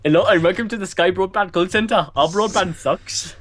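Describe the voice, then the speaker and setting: A lad doing a shrill call-center agent. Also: male voice, a bit bright, slight background noise. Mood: shrill mockery. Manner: shrieking, rushed, laughing through lines.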